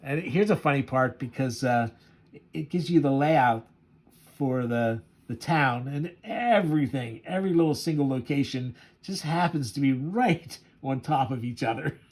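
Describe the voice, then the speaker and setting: A man casually commenting on a comic book. He talks haltingly with many fillers and often chuckles. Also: mid-range voice, animated, a little mellow. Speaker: comic reviewer.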